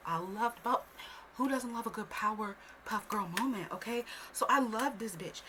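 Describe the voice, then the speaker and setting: Woman, casual storytime vlog, animated, swearing, occasional whispers, to camera. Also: fairly high pitch, normal speed, slight background noise.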